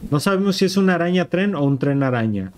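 Excitable cursing game streamer, man. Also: on the high side, very fast, a little hiss or hum. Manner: excitable, swears loudly, yells at the monster; switches between English and Spanish. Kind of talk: live gameplay commentary.

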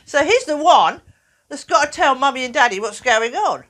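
Speaking to kids like a presenter explaining feelings to a class, this woman is animated and playful, acting out little voices in an educational video. Her bouncy delivery sends her pitch rising and falling everywhere, and she sounds encouraging throughout.

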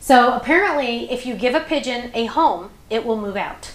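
A woman's voice: fairly high pitch, animated, normal speed, echoey room, slight background noise. A woman hosting a crafting show, chatting casually and rambling through stories with plenty of fillers.

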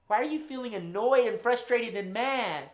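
A man hosting a children's puppet show, talking to the kids at home in an animated, sing-song way. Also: very high-pitched, normal speed. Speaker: children's entertainer host. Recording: roomy room echo.

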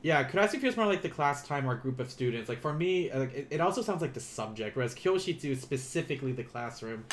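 A man teaching a beginner Japanese lesson on a live stream, explaining in a relaxed, chatty way with many fillers and restarts. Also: medium pitch, quick pace, hardly any pauses, a little hiss or hum.

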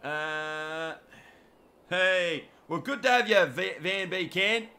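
Bright-voiced cheeky Australian gamer. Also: male voice, high voice, slow. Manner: cheeky, joking, chats to viewers by name. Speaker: gaming commentator. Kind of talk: live gameplay commentary.

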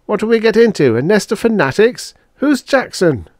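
A man voicing a gruff, excitable male space salvager who complains a lot. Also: mid-range voice, moderate pace, dry recording, studio quality, voice pushed up, lightly acted. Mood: alarmed.

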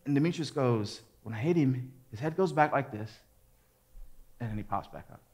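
A man in his forties, a pastor preaching, telling a lively personal story and acting out what people said. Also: medium pitch, normal speed. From American suburbs. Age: 40s. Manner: lively storyteller, acts out quotes and gets loud at the climax. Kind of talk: sermon with a storytelling anecdote.

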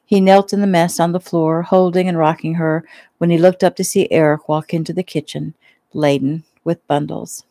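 A woman reads her own novel aloud in a relaxed, conversational style. Her voice sits low and sounds mellow and dark. The recording is close and dry. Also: moderate pace, dry recording. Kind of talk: casual audiobook reading.

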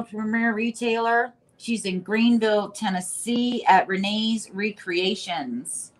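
A woman's voice: mid-range voice, a bit bright. A middle-aged woman hosting a furniture painting livestream, reading viewer comments out in a chatty, friendly way.

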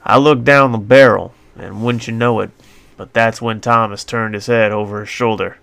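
A man's voice: lowish voice, fairly even intonation, moderate pace, gravelly, a bit bright, smooth, no room sound. A man narrating his own western story in a folksy, colloquial first-person voice on a close mic.

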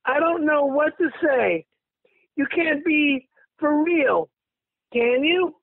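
A bewildered middle-aged woman, calm and placating, as a man puts her on. The voice sits high and catches in a gravelly fry. It comes through dry and tinny, like a phone line. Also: takes it slowly, no room sound, exaggerated voice.

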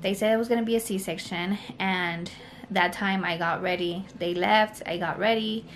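A woman's voice: mid-range voice, fairly even intonation, moderate pace, slight background noise. A young woman telling a personal story to camera in a casual vlog, rambling and full of "like" and "you know". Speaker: vlogger.

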